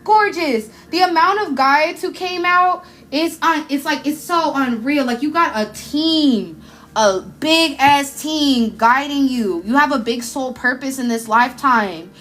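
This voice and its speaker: High-voiced woman giving a tarot reading. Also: a little slow, a bit bright. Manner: emotional, effusive, casual slang. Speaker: tarot reader. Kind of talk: live spiritual card reading.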